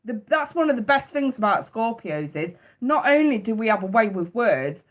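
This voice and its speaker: A woman's voice: on the high side, sing-song, moderate pace. A woman giving a live tarot reading, blunt and emphatic, swearing freely and repeating her points. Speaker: tarot reader. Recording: dull lo-fi sound.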